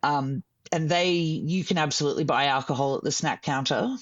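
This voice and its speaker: Man, podcast guest, casual chat, rambling storyteller, fairly high voice, dull lo-fi mic. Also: normal speed, no echo. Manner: chatty, rambling storyteller with many restarts.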